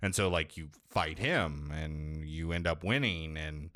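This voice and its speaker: A man with a very low, deep voice talks loosely and profanely, piling up "like" and "you know" as he retells a video game's plot. He often slips into quick impressions of the characters before dropping back to his easy, casual chat. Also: bright, forceful tone, no echo, studio quality. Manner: rambling, profane, acts out quoted lines. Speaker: podcast co-host recapping a game.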